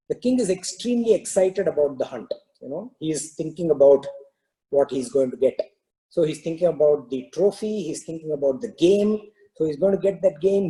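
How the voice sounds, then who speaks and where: This scripture talk features a man with a slightly high voice and dark tone, explaining terms and telling a parable in a casual, filler-laden storytelling way. The audio quality is poor.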